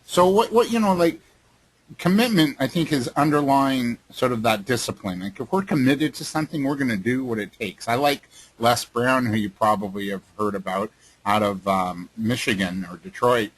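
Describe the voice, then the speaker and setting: A man hosting an interview, asking long questions with many halting restarts. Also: mid-range voice, a bit bright, husky, poor audio. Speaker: host. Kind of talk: casual interview talk.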